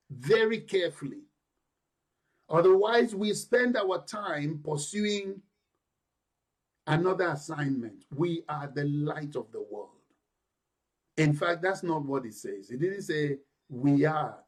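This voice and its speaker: A male pastor delivers a sermon in a church, pressing his points with emphatic, building intensity. His voice sits high for a man. He takes his time, letting each phrase land slowly. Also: lively intonation, husky. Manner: emphatic preaching with rising intensity.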